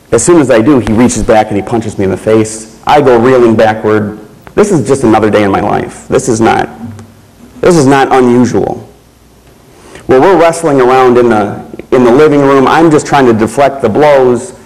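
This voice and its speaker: A man giving a keynote speech, telling a personal story in a slow, measured way with pauses. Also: medium pitch, a little mellow, low-quality recording. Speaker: keynote speaker.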